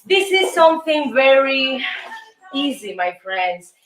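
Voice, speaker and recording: A middle-aged woman from Cuba with a Cuban Spanish accent, teaching a salsa dance lesson and counting the beats aloud in a lively, encouraging way. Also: sits high, takes it slowly, slight background noise. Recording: roomy sound from a distance, music behind.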